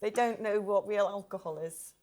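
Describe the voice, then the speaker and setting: A woman's voice: mid-range voice, moderate pace, darkish tone. A woman on a studio talk panel telling stories with dry, wry humour.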